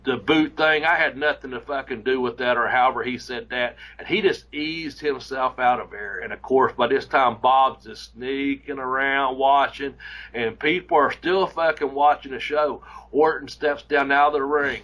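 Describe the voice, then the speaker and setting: A man tells a story in a loose, rambling, profanity-laced way, piling up restarts and asides as he goes. His voice sits at an ordinary middle pitch for a man, and he acts out the people in his story as he talks. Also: normal speed, fairly bright tone, poor audio. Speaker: podcast host and former wrestler. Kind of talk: casual storytelling chat.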